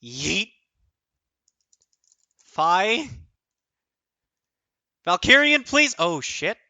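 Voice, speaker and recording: A man streaming his own online card game tournament, thinking aloud, counting out numbers and swearing often, his voice going a bit hoarse. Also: a little high, lively intonation, moderate pace, pushed and bright, dry recording. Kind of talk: excited live commentary of own play.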